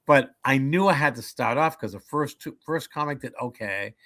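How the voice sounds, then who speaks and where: A man in his seventies chatting as a comedian guest in an interview. He tells jokes with animated delivery, putting on little voices for the people in them. His voice is bright and forceful. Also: mid-range voice, moderate pace. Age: 70s. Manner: animated joke-telling, acts out voices. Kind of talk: casual interview storytelling.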